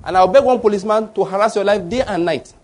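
A man's voice: sits high, quick pace, darkish tone. A man preaching a sermon, often asking the congregation fill-in-the-blank questions. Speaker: pastor.

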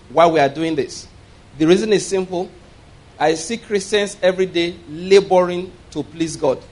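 A male pastor preaching, reading scripture slowly with emphasis and having the congregation repeat key words. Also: high-pitched. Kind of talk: sermon. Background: congregation responding.

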